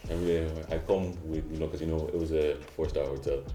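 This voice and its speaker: A man from Nigeria telling stories in a relaxed group discussion, animated and quick to mimic other people. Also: rumbling low. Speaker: panel guest. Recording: echoey room, music underneath.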